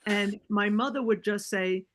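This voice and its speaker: A middle-aged woman, a podcast guest, telling a personal story in casual conversation, animated and acting out the other people with many fillers and restarts. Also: medium pitch, measured pace, slight background noise.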